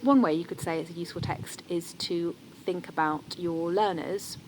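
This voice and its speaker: An enthusiastic woman co-hosts a podcast in a casual chat. Her voice sits somewhat low for a woman. Steady background noise is clearly heard behind her. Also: normal speed, low-quality recording. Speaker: podcast co-host.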